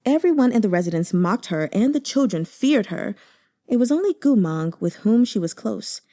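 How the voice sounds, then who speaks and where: A woman narrating a novel aloud with expressive, emotive delivery. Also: mid-range voice, normal speed. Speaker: audiobook reader.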